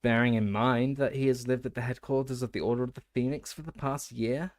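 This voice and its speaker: A man voicing a calm, courteous old male wizard headmaster who speaks in a measured, formal way. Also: mid-range voice, no echo, clean studio sound, natural voice.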